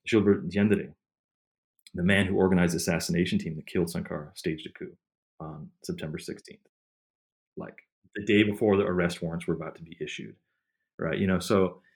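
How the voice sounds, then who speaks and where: A man's voice: sits low, fairly even intonation, brisk, vocal fry, long pauses, a little mellow. A man being interviewed as a historian, recounting his research in a rambling, conversational way full of fillers and restarts. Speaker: historian and author, interview guest. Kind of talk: casual conversational storytelling.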